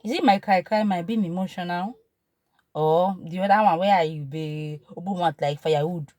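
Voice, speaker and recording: A woman's voice: lowish voice, normal speed, no echo. A woman in her thirties with a Nigerian accent, telling a personal story in an emotional, repetitive way. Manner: emotional, repetitive, shifts from animated to hushed. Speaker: vlogger. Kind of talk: personal testimony.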